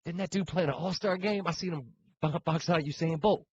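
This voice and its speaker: A man doing a brash heckling hoops guy, slangy, raised higher voice, husky. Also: fairly quick, muffled recording. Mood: mocking. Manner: slangy, trash-talking. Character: brash male pickup basketball player, heckling.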